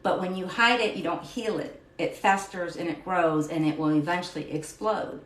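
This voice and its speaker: A woman's voice: fairly low pitch, normal speed, fairly bright tone, a little hiss or hum. A woman hosting a live stream, talking through a personal testimony in an emotional, confessional way that wanders off track. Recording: roomy echo, slightly distant mic.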